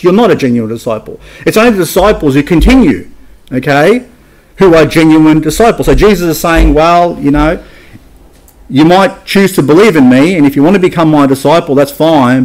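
A man's voice: a little high, a little mellow. A man preaching a sermon in a church, emphatic and asking his congregation rhetorical questions. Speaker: pastor.

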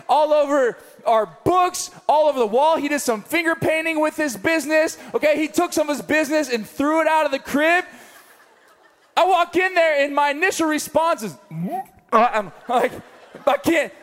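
High-voiced man preaching in a hall. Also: moderate pace. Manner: animated storytelling with comic asides. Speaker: pastor. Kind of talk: sermon. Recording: long reverb of a large hall.

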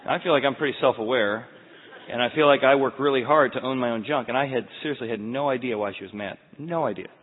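A man's voice: mid-range voice, fast, slightly rough. A man in his forties preaching a sermon, telling personal stories in an earnest, confessional way. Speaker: pastor. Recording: phone-like sound with long hall reverb.

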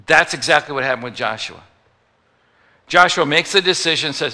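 A man's voice: fairly high pitch, expressive, normal speed, pauses often, bright, forceful tone. A man preaching a sermon as pastor, joking with the congregation and acting out little voices for the people he quotes. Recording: long reverb of a large hall.

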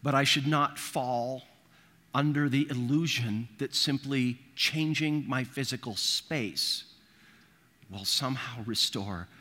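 A man's voice: mid-range voice, takes it slowly, pushed and bright. A man preaching a sermon, telling stories with quoted voices and humor. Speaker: pastor. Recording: long reverb of a large hall.

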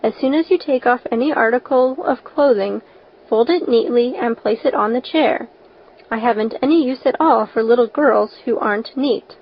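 Stern stiff spinster, admonishing, read by a woman, fairly high voice, dull lo-fi sound. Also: moderate pace. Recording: dull lo-fi recording.

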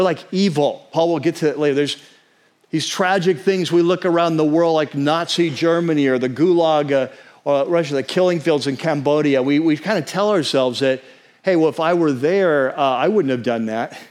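A man with a fairly high voice delivers a sermon as the pastor. He talks in an earnest, conversational way, often asking his listeners "right?" He slows down to spell out and stress key words. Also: darkish tone.

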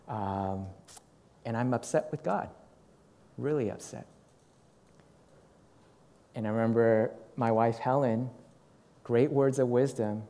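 A middle-aged man preaching, telling a personal story in an animated way and acting out what people said. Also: mid-range voice, slow pace, long pauses. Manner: animated storytelling with acted quotes. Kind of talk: sermon storytelling.

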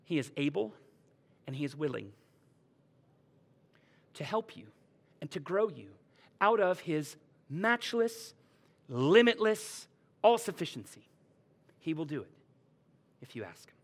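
A man preaches a sermon with a slightly raised pitch. He talks in a relaxed, conversational way and keeps it lively with playful retellings. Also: a little slow, long pauses. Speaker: pastor.

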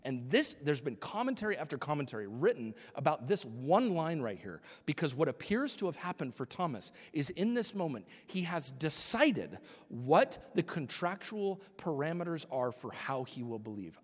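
A man's voice: fairly high pitch, big pitch swings, moderate pace, big-room sound. A man preaching a sermon as pastor, acting out quotes and dropping to a whisper for emphasis.

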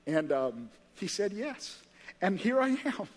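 A man playing a pardoned criminal in heaven who marvels in halting restarts, in a sermon. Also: sits high, very animated, big-room sound, full character voice. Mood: grateful. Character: pardoned male criminal in heaven, awestruck and grateful.

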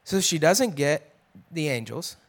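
A man with a high voice walks through a Bible passage like he's chatting with friends. He acts out the characters' lines with a lift in pitch, then drops quiet and soft when he wants a moment to land. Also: lively intonation, unhurried. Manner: conversational, acts out quotes in a raised voice, drops to a hush for emphasis. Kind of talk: casual Bible teaching.

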